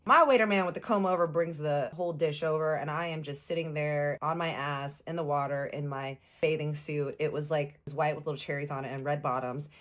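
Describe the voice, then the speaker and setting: A young woman from Texas telling a personal story in a casual vlog, animated, playful and slangy. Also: low voice, a little fast, few pauses.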